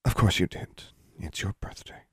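A man voicing a cool, steady witch who leads a school, speaking in a measured, icy way in a storybook reading. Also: dry recording, studio quality, close to an everyday voice. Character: cool, steady older witch dean, female.

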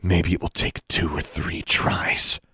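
A man voicing a soft-spoken, guilt-ridden and unstable teenage witch girl in a storybook reading. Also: low voice, expressive, moderate pace, breathy edge, dry recording, clean studio sound, exaggerated voice. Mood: cold. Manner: soft, quiet, wavering.

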